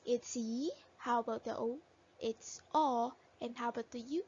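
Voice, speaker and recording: A woman's voice: a little high, steady tone, normal speed, a little mellow, husky. A woman teacher patiently sounding out letters and words in a phonics lesson for young children. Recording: dull lo-fi recording.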